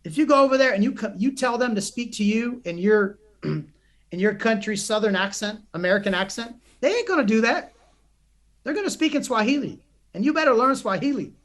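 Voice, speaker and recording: In a very high voice, a young man speaks briskly while telling stories in a podcast interview. He is a psychotherapist and coach, animated and earnest, and he restarts his sentences many times.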